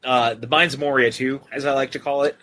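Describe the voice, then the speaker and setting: A man trades jokes as co-host of a casual film podcast, his tone bright and forward. He swears casually and teases freely, with faint background noise under his voice. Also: medium pitch, steady tone, fast. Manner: joking, swears casually, teasing.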